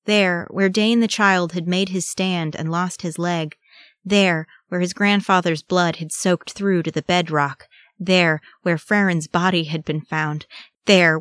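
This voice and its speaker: A woman reading a fantasy story aloud in a measured, solemn narration. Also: lowish voice, a bit bright, no echo, clean studio sound. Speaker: audiobook reader.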